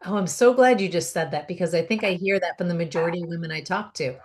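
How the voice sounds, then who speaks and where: A woman's voice: fairly low pitch, fast talker. A middle-aged woman hosting an interview, upbeat and encouraging, explaining at length. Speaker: host.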